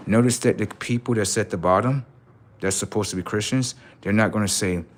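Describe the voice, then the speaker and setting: A man's voice: lowish voice, brisk. A man streaming live, rambling through commentary and stories and checking in with "right?" often.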